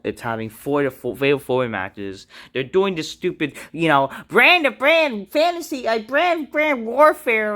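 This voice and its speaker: A man's voice: fairly bright tone, smooth. A man reviewing a wrestling show in a casual rant, blunt and profane, with fillers and restarts. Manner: mocking high-pitched impressions of others.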